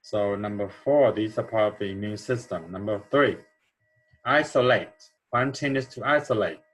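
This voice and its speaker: A man's voice: fairly low pitch, moderate pace, fairly bright tone, rough recording. A man teaching an English grammar lesson, explaining answers step by step and checking in with "okay?" as he goes.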